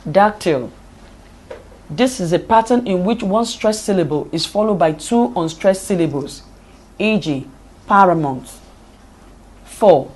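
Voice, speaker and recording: A woman delivers a lecture at a very slow, unhurried pace, reading steadily from her notes. Her pitch sits in a middle range for a woman. She spells out each example with care. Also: darkish tone. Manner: reads notes aloud deliberately, spelling out examples. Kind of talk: slow read-aloud lecture on poetry.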